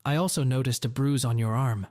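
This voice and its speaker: Voicing a furious, resolute father in middle age, a man snaps out blunt, forceful comebacks at a fairly quick clip. The read is close and lightly acted, medium in pitch, with no room sound.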